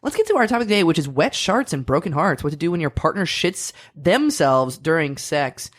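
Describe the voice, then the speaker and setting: A woman's voice: sits low, expressive, a little fast. A woman voicing a brash, bawdy female sex therapist who hosts an improvised comedy podcast. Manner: bawdy, blurting. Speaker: host.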